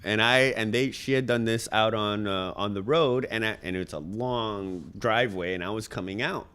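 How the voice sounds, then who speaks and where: A man's voice: fairly low pitch, normal speed, fairly bright tone, clear, resonant tone. A man in his thirties, a podcast guest, telling a heartfelt personal story in an earnest way with many ums and uhs.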